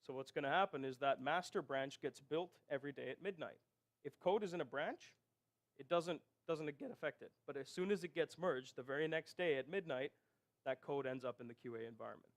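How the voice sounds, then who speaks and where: A man's voice: a little high, brisk. Man giving a technical conference talk. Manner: explanatory, rhetorical "right?" checks. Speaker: conference speaker. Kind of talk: technical presentation.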